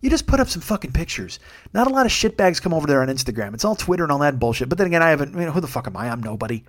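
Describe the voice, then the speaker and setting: A man in his forties rants like a stand-up comic, his voice sitting a bit high for a man. He tears through his points at a rapid clip, swearing freely and punching certain lines harder than others. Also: sing-song. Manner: profane, fast ranting with bursts of raised intensity. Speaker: comedian podcast host. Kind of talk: solo comedic rant.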